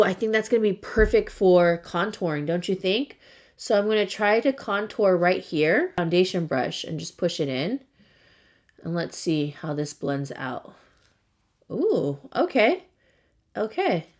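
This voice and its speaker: Young cali woman chatting thru her makeup routine, kinda low voice, says like a lot. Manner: chatty storytelling, lots of "like". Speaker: beauty vlogger. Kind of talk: casual get-ready-with-me chat.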